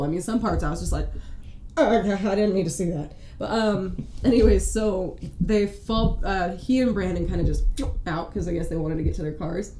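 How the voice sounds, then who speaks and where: A woman co-hosting a podcast, telling a funny story in an animated, giggly way. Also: on the low side, moderate pace. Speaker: podcast co-host. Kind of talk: casual chat, storytelling. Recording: echoey room with faint noise.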